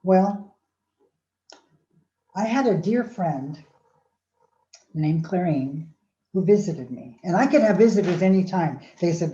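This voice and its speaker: An older woman telling a personal story dramatically, acting out voices and swinging between loud and soft. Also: on the low side, animated, measured pace, pauses often. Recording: roomy, dull sound.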